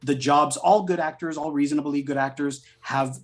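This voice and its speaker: Middle-aged male voice actor as guest, chatty storyteller, animated and profane. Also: fairly high pitch, moderate pace. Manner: chatty, animated, swears freely. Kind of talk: casual storytelling interview.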